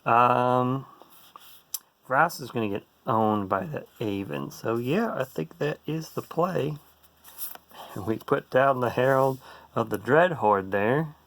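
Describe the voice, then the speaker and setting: A man's voice: mid-range voice, slow pace, creaky, a bit bright, no room sound. A man casually commenting on a card game playtest in a playful, goofy way, full of jokes and silly asides. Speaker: card game player and host.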